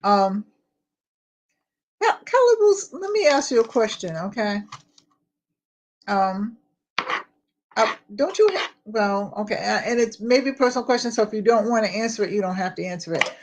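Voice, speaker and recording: A woman's voice: medium pitch, lively intonation, normal speed. Older woman chatting while cooking. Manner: chatty, rambling, greets viewers by name. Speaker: home vlogger. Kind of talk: casual live-stream chat while cooking. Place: home kitchen.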